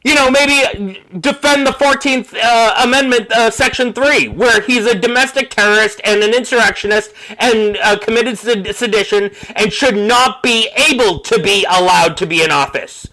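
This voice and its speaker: A man hosting a podcast, delivering an angry, profane political rant in a low-quality first recording. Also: normal speed, bright, forceful tone. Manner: furious, profane, ranting. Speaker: podcast host.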